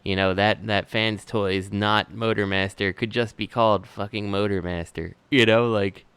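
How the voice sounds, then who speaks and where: A man's voice: lowish voice, steady tone, moderate pace, a bit bright, smooth, no echo. A man co-hosting a casual podcast chat, full of fillers like "like" and "you know". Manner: filler-heavy, says like a lot. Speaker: podcast co-host. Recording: dry close sound.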